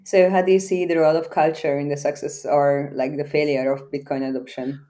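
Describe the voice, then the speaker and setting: A woman interviewer who asks short, soft-spoken questions. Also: sits low, level tone, a little fast.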